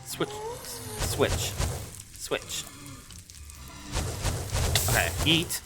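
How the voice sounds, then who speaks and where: A game creator narrating their own play in an unhurried, drawn-out way, with a voice that leaps up and drops down. They grumble, scold the mobs on screen and let out mild curses. Music plays clearly underneath. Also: mid-range voice, wildly swooping pitch. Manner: exasperated, talks to the game mobs, swears mildly. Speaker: Minecraft let's-play creator. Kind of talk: live gameplay commentary.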